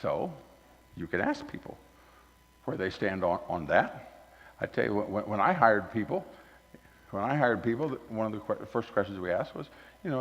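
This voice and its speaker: A man preaching a folksy sermon at a church, moving between loud emphasis and quiet asides. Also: lowish voice, very animated, moderate pace, pauses often. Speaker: guest speaker at a church. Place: church hall. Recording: dull recording with long hall reverb.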